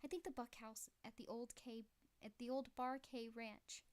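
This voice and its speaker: A woman's voice: fairly high pitch, fairly even intonation, normal speed, natural voice. A woman voicing a cunning older male gunman who talks in a sly, mocking country drawl.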